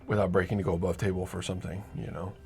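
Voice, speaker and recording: A man's voice: low voice, little pitch movement, rapid-fire, creaky, a little mellow, faint music behind. A man who co-hosts a podcast and runs tabletop games, talking casually and often adding "you know". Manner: conversational, leans on "you know". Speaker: podcast co-host and dungeon master. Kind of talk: casual chat.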